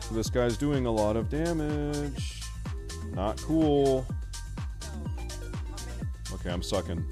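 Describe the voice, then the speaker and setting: A young man chatting loosely and swearing while live-streaming a game, joking with his viewers. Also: mid-range voice. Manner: loud, joking, swears, rambles. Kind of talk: casual live-stream chat while gaming.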